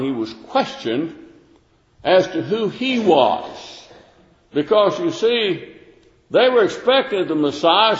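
Pastor preaching in an echoey church. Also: male voice, fairly high pitch. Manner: conversational, frequent "uh" fillers and restarts. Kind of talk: sermon with scripture reading. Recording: echoey hall, dull lo-fi sound.

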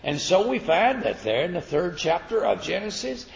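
A man's voice: sits high, big pitch swings, moderate pace, vocal fry, slight background noise. A man preaching a sermon in a folksy, conversational way, retelling scripture stories as he goes. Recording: echoey hall, dull lo-fi sound.

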